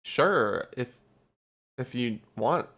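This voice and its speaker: A man's voice: mid-range voice, animated, very slow, a bit bright. A young man plays a tabletop game and narrates his character's moves. He talks casually, stopping and restarting as he goes. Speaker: player.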